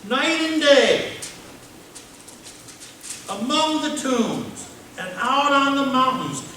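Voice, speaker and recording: A man preaching a sermon as pastor, telling the story in an animated way, with playful sound effects and questions to the congregation. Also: very high voice, slow pace. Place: church sanctuary. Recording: very echoey church room from a distance with noise.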